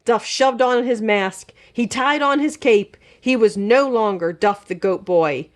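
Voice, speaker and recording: A woman librarian reading a children's chapter book aloud in an expressive, animated manner. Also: a little high, measured pace.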